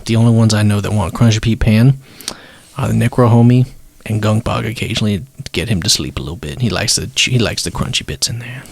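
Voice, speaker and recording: A man voicing a folksy Southern gentleman in a put-on American Southern drawl, playing it hammy. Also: on the low side, fast, gravelly, slightly rough, dry recording. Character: Southern gentleman adventurer, addressed as Governor.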